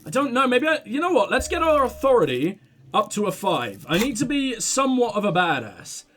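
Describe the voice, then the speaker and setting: A man hosting a let's play of a detective game, excitable, swearing and laughing as he reads dialogue aloud. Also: very high-pitched, brisk. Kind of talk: gaming commentary and reading dialogue aloud.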